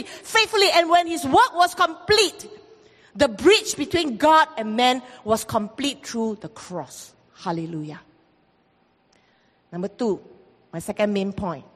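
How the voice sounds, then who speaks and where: Lady pastor preaching, tells stories and acts out the voices, long hall reverb. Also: high voice. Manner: animated storytelling, acts out quoted voices, repeats phrases. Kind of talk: sermon with storytelling.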